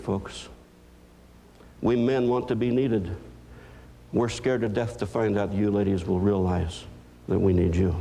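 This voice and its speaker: A man's voice: fairly low pitch, gravelly, mellow. A man giving a motivational lecture as a psychologist, telling stories earnestly and with emphasis.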